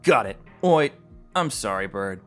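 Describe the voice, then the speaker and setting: A big, clumsy bear from a visual novel blusters in a lowish voice, as a man reads him out. Quick to rage but soft underneath, he soon mumbles sheepish apologies. Faint music plays underneath. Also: lightly acted. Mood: meek. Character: big clumsy hot-tempered male bear.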